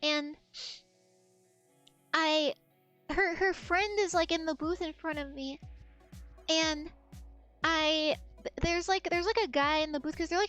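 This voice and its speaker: A woman streamer with a very high voice tells a meandering story in casual chat. She swears freely and slips into the other people's lines as she goes. Soft music plays quietly behind her. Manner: rambling, animated anecdote with swearing and acted-out quotes.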